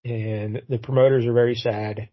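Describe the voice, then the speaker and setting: A man's voice: medium pitch, flat delivery, moderate pace, lo-fi sound. A man co-hosting a podcast, casually retelling a comic book's story with many fillers and acted-out lines. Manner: rambling, retells the plot and acts out characters' lines. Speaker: podcast co-host. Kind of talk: casual comic book review chat.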